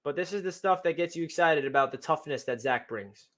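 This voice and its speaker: A young man excitedly breaking down game film as a fan analyst, talking in a slangy way full of exclamations. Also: a little high, a little fast.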